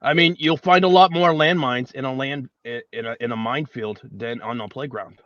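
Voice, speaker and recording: A man's voice: mid-range voice, normal speed, fairly bright tone, no echo, lo-fi sound. A man co-hosting a casual podcast, folksy, repeating and stammering over his words. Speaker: podcast co-host.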